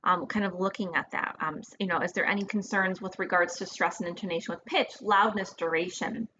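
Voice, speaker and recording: Brief: woman lecturer, casual and halting, dull recording with faint hiss. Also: lowish voice, steady tone, bright, forceful tone. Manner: casual, hesitant, many fillers and restarts.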